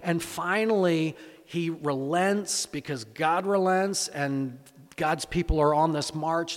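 Male pastor, conversational sermon, fairly high voice, long hall reverb. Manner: conversational, repeats words, rhetorical questions. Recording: echoey hall.

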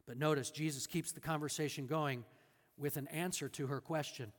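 A man preaching a sermon as a pastor, animated, acting out the voices of the people in the story, then dropping to a quiet, earnest tone. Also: a little high, moderate pace, in a large hall.

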